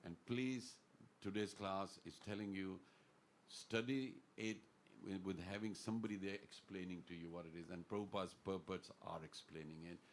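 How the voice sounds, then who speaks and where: A man's voice: low voice, steady tone, normal speed, a little hiss or hum. A man giving an earnest, informal devotional talk in a temple class, telling stories and quoting Sanskrit verses. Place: temple hall.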